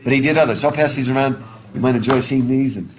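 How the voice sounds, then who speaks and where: A man's voice: medium pitch, quick pace, low-quality recording. A male literature teacher talking casually and ramblingly to his class, laughing easily. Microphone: masked, recording his own class.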